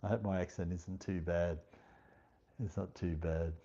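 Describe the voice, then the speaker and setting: This Australian livestream host has a low, gravelly, mellow voice and a flat delivery. He speaks slowly and unhurriedly while reading viewer comments aloud and thanking each viewer by name. The audio is dull and lo-fi.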